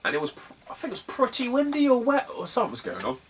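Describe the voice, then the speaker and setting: A man's voice: extremely high pitch, huge pitch swings, rapid-fire, a little hiss or hum. A young man, a retro gaming YouTuber telling stories to camera in a rambling, sweary way, often breaking into laughter. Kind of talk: casual storytelling to camera.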